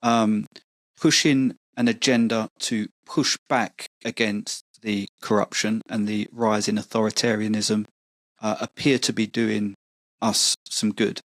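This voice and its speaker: A man's voice: fairly low pitch, little pitch movement, measured pace, no room sound. Earnest man making his case, dry sound. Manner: earnest and persuasive, with stumbles and repeated words. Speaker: podcast guest and campaigner. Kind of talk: casual podcast conversation.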